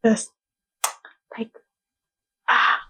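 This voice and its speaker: A woman's voice: drawn-out words, sharp tone, a little hiss or hum. A young woman giving casual video commentary on a TV show, talking in a dramatic, sarcastic and gushing way.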